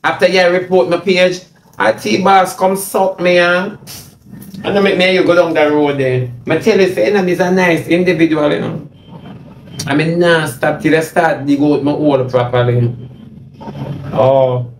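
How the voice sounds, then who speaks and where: A man's voice: on the high side, fairly even intonation, moderate pace. A man with a Jamaican accent delivers a mocking, repetitive, confrontational rant on a livestream into a phone. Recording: echoey room, faint noise.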